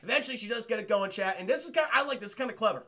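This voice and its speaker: A man's voice: high voice, expressive, rapid-fire, bright, forceful tone. A man recapping a film on a livestream in a casual, profane way, talking to his chat. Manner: swears freely and keeps addressing chat. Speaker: streamer and film reviewer.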